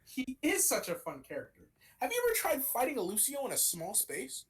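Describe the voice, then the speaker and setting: Animated young man ranting about games. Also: very high-pitched, fairly quick, low-quality recording. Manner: rambling, animated, swears casually. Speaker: podcast co-host. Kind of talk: casual gaming chat.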